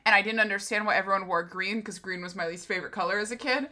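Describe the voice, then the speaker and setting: A woman's voice: mid-range voice, fast, sharp tone. A woman in her early twenties joking around on a livestream, playful and dramatic, with a sore, scratchy throat. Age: 20s. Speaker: stream guest. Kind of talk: casual livestream chat.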